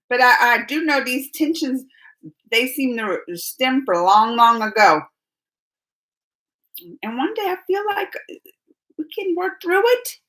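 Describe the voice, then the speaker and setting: Woman, forties, bright sharp voice, animated, casual live-stream host. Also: on the high side, poor audio. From United States. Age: 40s. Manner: animated, repeats herself, talks straight to chatters by name.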